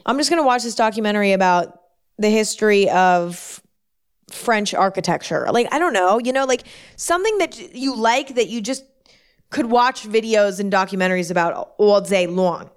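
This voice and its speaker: A woman hosting her own show, talking alone in a chatty, rambling way with quick self-deprecating asides. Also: mid-range voice, lively intonation, smooth. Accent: put-on New York twang at times. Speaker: podcast host. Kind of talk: casual solo chat.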